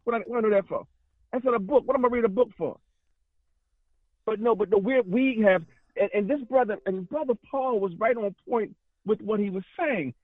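A high-pitched man phones in to a radio talk show, talking a little fast with no echo over a tinny line. His call is impassioned, fiery, and rambling, full of repetition.

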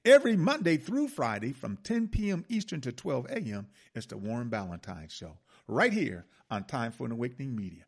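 A man's voice: mid-range voice, sing-song, fairly quick, creaky, hardly any pauses, husky. A man hosting a radio talk show, giving impassioned, preachy commentary and addressing listeners as brothers and sisters.

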